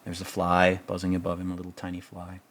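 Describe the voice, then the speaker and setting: A man's voice: sits low, monotone, fast, a bit bright. A man hosting a casual film commentary, rambling, profane and sarcastic as he picks apart a movie. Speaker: podcast host reviewing a film.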